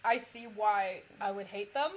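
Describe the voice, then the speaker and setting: A young woman, co-hosting a podcast, reacting with laughter, teasing and quick interjections. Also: mid-range voice, rough recording. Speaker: podcast co-host. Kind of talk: casual chat.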